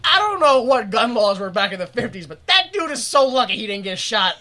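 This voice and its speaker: A man's voice: extremely high pitch, very animated, a little fast, sharp tone, a little hiss or hum. A man co-hosting a podcast, casually recapping an old show, laughing often and slipping into exaggerated old-timey voices. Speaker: podcast co-host. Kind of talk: casual comedic recap chat.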